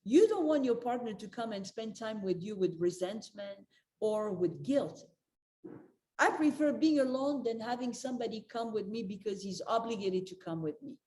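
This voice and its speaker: A woman's voice: a little high, expressive, moderate pace, warm tone. An older woman giving a motivational talk as a spiritual life coach, earnest and direct, repeating her key advice to the listeners. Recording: roomy echo.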